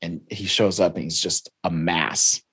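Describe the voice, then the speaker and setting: Guy with a lowish voice excitedly recapping a comic, doing bits of the dialogue. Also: a little slow, husky, no room sound. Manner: animated retelling, reads captions aloud and acts out dialogue. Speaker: podcast co-host recapping comics. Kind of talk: casual chat.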